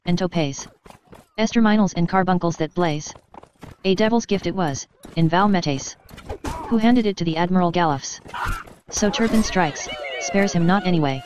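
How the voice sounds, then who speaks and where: A woman reading an epic poem aloud in a measured, steady recitation. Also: fairly low pitch, a little hiss or hum, poor audio. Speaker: reader.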